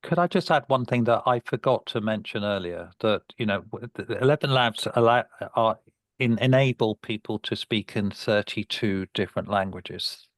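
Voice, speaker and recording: A man's voice: on the low side, normal speed, no echo. A man working as a speech therapist and researcher, talking earnestly on a video call and often restarting words. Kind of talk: webinar discussion.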